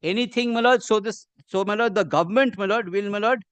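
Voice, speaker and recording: A man with an Indian English accent, arguing a case before a judge in measured, deferential courtroom speech. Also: high voice, fairly bright tone, clear, resonant tone, no echo. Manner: measured and deferential, says "my lord" constantly. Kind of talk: formal courtroom argument.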